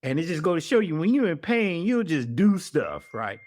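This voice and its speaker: A man's voice: fairly high pitch, sing-song, moderate pace, hardly any pauses, a little mellow, no echo, studio quality. A middle-aged man, an investigative reporter telling a story in an interview and acting out the people he quotes. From Atlanta, US South.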